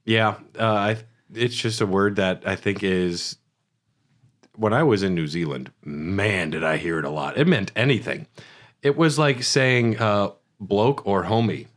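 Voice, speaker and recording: A man co-hosting a casual gaming podcast, telling stories in a loose, profane, animated way. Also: on the low side, a little slow. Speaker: podcast co-host.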